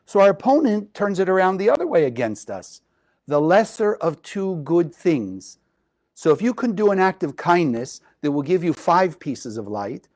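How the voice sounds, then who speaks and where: High-voiced man teaching a spiritual lesson. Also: rough recording. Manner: expressive, asks the listeners questions. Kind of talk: spiritual lesson to a live group.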